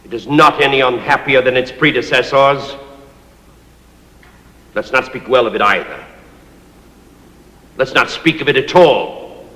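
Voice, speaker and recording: An actor playing a pompous, cruel old master who holds forth theatrically in a declamatory manner. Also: male voice, mid-range voice, measured pace, long pauses, pushed and bright. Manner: grandiose, mocking, declamatory. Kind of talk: stage play performance. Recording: echoey hall with long reverb.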